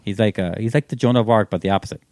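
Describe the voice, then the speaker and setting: A man's voice: lowish voice, very fast, darkish tone, no echo, clean studio sound. A man co-hosting a podcast, chatting loosely and rambling with lots of fillers. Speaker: podcast co-host. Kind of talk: casual chat.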